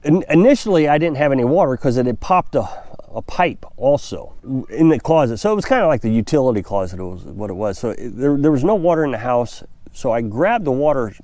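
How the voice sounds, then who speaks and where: Middle-aged man from Missouri, homestead vlogger, rambling and chatty, with an animated pitch. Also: fairly quick, no room sound. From Missouri, USA. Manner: rambling, conversational, self-correcting. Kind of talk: casual storytelling to camera.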